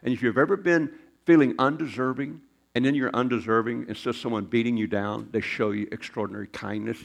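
A man's voice: medium pitch, steady tone, a little fast, gravelly. An older man preaching a sermon, telling folksy personal stories with asides and chuckles. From Arkansas. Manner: folksy storytelling with asides and laughs. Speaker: pastor.

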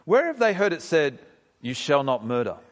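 Animated preaching man in a church hall. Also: moderate pace. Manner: animated preaching with sudden pitch leaps and rhetorical questions. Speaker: pastor. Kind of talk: sermon. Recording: long reverb of a church hall.

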